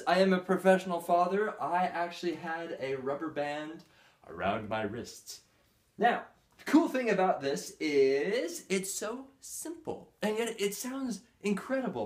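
A man hosting a casual product review demo, chatty and playful with mock-formal jokes. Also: a little high. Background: music from the speaker.

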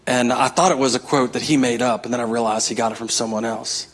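A man's voice: medium pitch, flat delivery, quick pace. A man preaching a sermon as pastor, emphatic, repeating his key phrases and calling out to the congregation.

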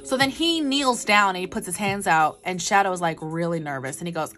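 Bright-voiced chatty woman vlogger. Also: lowish voice, fairly quick, soft background music. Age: adult with a child. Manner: chatty, animated, rambling with asides. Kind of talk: casual storytelling to camera.

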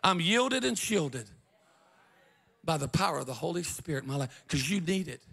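A middle-aged man preaching with a high, gravelly voice that turns bright and sharp when he pushes it. He tells stories in an animated revival style and often breaks into shouts and laughter from the pulpit. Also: moderate pace. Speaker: pastor. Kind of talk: revival sermon storytelling.

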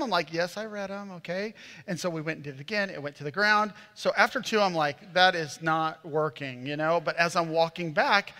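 A man preaching in a church auditorium, his voice high and ringing with a lingering hall reverb. He tells his story as an animated, self-mocking pastor who slips into voices for everyone in it. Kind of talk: sermon with comic storytelling. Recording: long reverb of a large hall.

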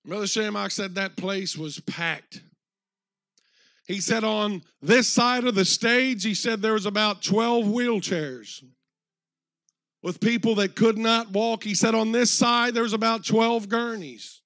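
A man preaching a sermon in a church, retelling a story through many quotes, slowing down and swelling for emphasis. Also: high voice, a bit bright, no room sound, studio quality.

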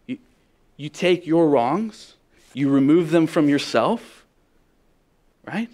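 Male pastor, fairly high voice, emphatic sermon delivery with hushed stretches and loud peaks. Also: lively intonation, slow, long pauses. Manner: emphatic, questioning the congregation; drops to a hushed voice then builds up loud.

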